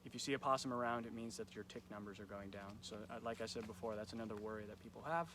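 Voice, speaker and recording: A man's voice: fairly low pitch, quick pace, noisy background. A young man running casual nature trivia for kids on a live stream, chatty and loose, with lots of ums. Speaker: nature center camp educator. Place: nature center. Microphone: phone or camera on a live stream.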